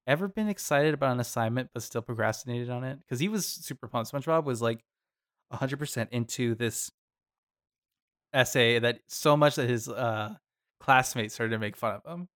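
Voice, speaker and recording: A man hosts a podcast in a relaxed, chatty way. His voice sits at a middle pitch, and he talks animatedly with quick asides. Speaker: podcast co-host. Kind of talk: casual chat.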